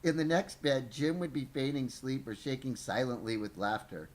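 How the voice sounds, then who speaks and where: A man's voice: medium pitch, moderate pace, poor audio. Man reading a book aloud, playful. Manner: reads aloud with stumbles and asides, playful. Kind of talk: live book reading with banter.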